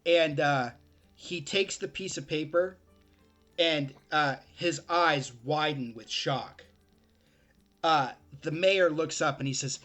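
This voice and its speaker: A game master narrating a tabletop adventure, a man with a slightly high, bright voice. He talks slowly and stops often on fillers as he describes the scene. Faint music plays behind him. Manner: slow, hesitant narration with many fillers.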